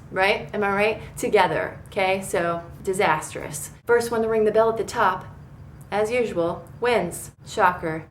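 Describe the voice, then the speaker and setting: A woman in her thirties talks through a reality TV recap in a casual, rambling way, swearing freely and getting worked up over the action. Her pitch sits in the middle of the usual range. Faint background noise sits under her voice. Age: 30s. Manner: excitable, profane, rambling. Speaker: TV recap vlogger. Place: bedroom.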